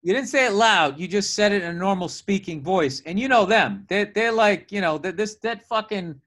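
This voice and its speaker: A man's voice: high voice, moderate pace, fairly bright tone. A middle-aged male comedian ribbing his friend in casual podcast chat, blunt and profane. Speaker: guest comedian.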